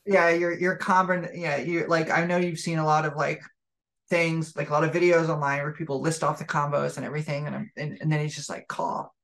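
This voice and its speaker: A woman's voice: low-pitched, little pitch movement, brisk. A woman co-hosting a podcast, telling a story in a loose, rambling way full of fillers and restarts. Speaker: podcast co-host. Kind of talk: casual chat.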